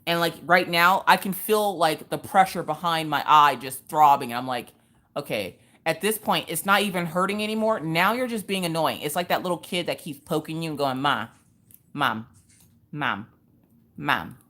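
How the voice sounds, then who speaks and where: A woman's voice: low-pitched, animated, fairly quick, fairly bright tone. Chatty woman streaming a craft session. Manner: chatty, storytelling, joking asides to chat. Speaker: livestream crafting host. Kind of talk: casual chat while diamond painting.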